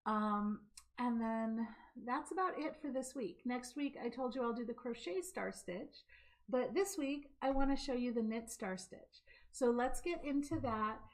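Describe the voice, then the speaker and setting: A woman hosting a live craft show, chatting casually to camera and demonstrating a knitting stitch, talkative and quick to laugh. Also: fairly high pitch. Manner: chatty, laughing, hyper and fast when excited. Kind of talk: casual live-stream chat and knitting demo. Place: home craft room, speaking to camera. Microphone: camera mic.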